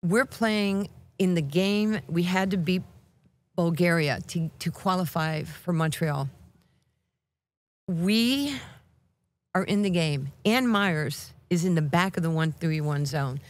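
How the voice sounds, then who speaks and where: Lively New York woman telling stories. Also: fairly low pitch, slow pace. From Brooklyn, New York. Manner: lively, acts out voices in her anecdotes, laughs often. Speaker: guest. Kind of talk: animated storytelling.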